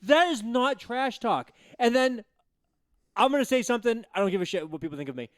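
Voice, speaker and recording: A man co-hosting a casual sports talk show, animated and profane, often laughing. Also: very high-pitched, fairly quick, no echo, studio quality. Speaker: podcast co-host.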